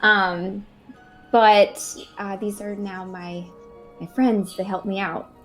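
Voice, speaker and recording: A woman player in a tabletop game who speaks in character, warm and giggly. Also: mid-range voice, fairly even intonation, slow pace, soft background music.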